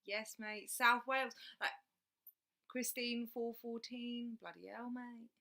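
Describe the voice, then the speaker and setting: A woman's voice: on the high side, fairly even intonation, takes it slowly, sharp tone. A woman chatting casually on a livestream, reading out viewer comments and laughing often. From England. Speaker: livestream host.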